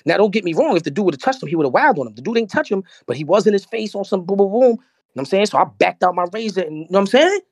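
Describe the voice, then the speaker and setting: A man with a New York accent telling a story on a podcast as a guest, animated and streetwise, often repeating himself. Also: high voice, rapid-fire, slightly rough, no echo. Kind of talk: casual storytelling.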